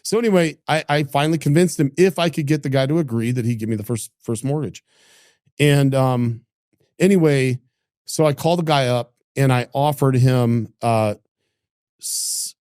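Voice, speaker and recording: A middle-aged man from Idaho, a business founder telling a story in casual conversation, acting out what people said, with lots of quick restarts. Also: mid-range voice, no room sound, studio quality. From Idaho, United States. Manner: animated, acts out quoted dialogue, frequent restarts. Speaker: entrepreneur guest.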